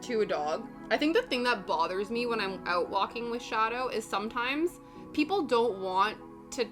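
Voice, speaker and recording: A woman's voice: on the high side, lively intonation, normal speed. A young woman chatting casually while she cross stitches on a stream, rambling through stories and answering chat. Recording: background music under voice.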